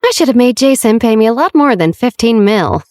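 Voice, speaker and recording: A woman's voice: a little high, lively intonation, fairly quick, darkish tone, dry recording, studio quality, voice pushed up, close to an everyday voice. Woman voicing a sassy young heiress. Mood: amazed. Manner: sweet on the phone, tart and facetious.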